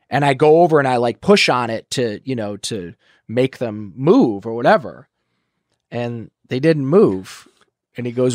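A man in his thirties, a podcast guest, telling a story in casual chat, swearing often and acting out quotes loudly. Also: mid-range voice, normal speed, no echo, clean studio sound.

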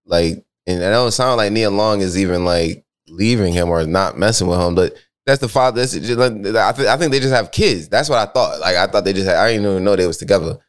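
A young man co-hosting a podcast in casual chat, rambling and animated, jumping up high when he reacts. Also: fairly quick, hardly any pauses, clear, resonant tone. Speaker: podcast co-host.

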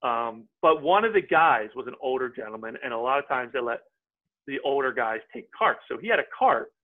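A man tells a story as a podcast guest, casual and animated. He acts out what people said as he goes. His voice comes through a thin, phone-like line and sits at an ordinary middle pitch. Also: brisk.

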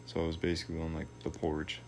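Young guy with a real low voice, chill slangy storytelling, cusses a bunch, bit of hiss behind him. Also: monotone, fast, vocal fry. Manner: laid-back, slangy, swears a lot. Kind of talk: casual storytelling chat.

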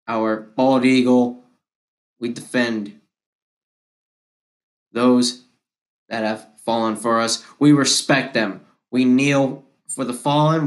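A man hosting a podcast, giving a political monologue in an impassioned, repetitive and combative way. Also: mid-range voice. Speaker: podcast host.

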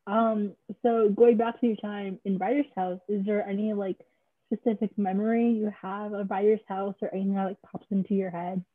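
A woman's voice: mid-range voice, flat delivery, moderate pace, no room sound. A woman hosting a casual interview who praises her guest enthusiastically and gushes freely. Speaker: podcast host. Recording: tinny phone-like line, dry.

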